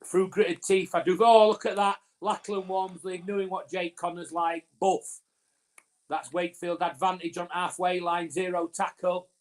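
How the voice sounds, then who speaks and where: Co-hosting a live rugby league watch-along for fans, a Northern English man speaks at normal speed in a high, flat voice. His rambling commentary is riddled with fillers and restarts, and he talks over his co-host.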